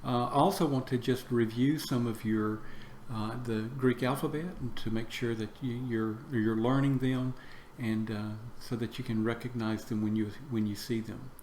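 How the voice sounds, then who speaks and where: A man teaching Greek vocabulary in a slow lesson. He repeats each word for drill and fills pauses with "uh". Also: medium pitch, fairly even intonation, a little mellow. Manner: slow, repeats words for drill, many "uh" fillers. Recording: echoey room with faint background noise.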